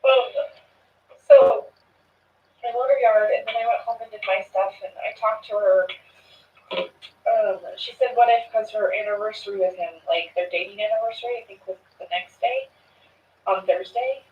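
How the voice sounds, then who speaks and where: A woman's voice: mid-range voice, moderate pace, slight background noise. A woman recounting events to an interviewer in a loose, chatty way, retelling her text exchanges with lots of "I was like" and "she's like.". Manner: loose and chatty, with fillers and restarts. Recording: distant, echoey, dull archive recording.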